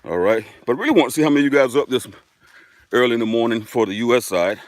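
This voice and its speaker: A man's voice: mid-range voice, animated, racing. A man hosting a casual live stream outdoors, chatting upbeat and directly to his viewers while walking a dirt road.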